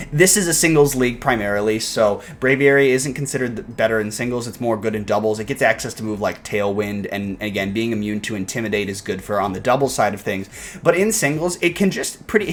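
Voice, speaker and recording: A man casually analyzing his game team in a video, enthusiastic and rambling, with frequent fillers and restarts. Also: medium pitch. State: hiccups. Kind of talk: casual commentary.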